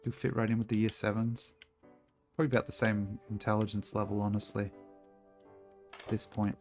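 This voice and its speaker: A man's voice: lowish voice, flat delivery, fairly quick, faint music behind. A young Australian man streaming a game, chatting with viewers in a loose, joking way, swearing freely and laughing often. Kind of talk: casual gameplay commentary, chatting with viewers.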